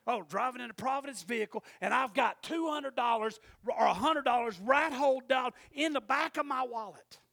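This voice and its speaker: A man preaching in a high, gravelly voice. He tells a personal story and moves between quiet, close storytelling and loud, emphatic preaching. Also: moderate pace, few pauses.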